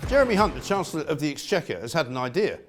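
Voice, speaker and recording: A man's voice: fairly high pitch, very animated, racing, over music. A middle-aged male presenter from England giving an outspoken, sarcastic opinion monologue.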